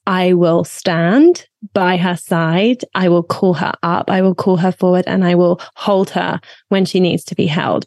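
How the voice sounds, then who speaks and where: A woman's voice: lowish voice, a little mellow, no room sound, clean studio sound. A woman life coach as interview guest, speaking earnestly and encouragingly, addressing listeners as her friend. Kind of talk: casual interview chat.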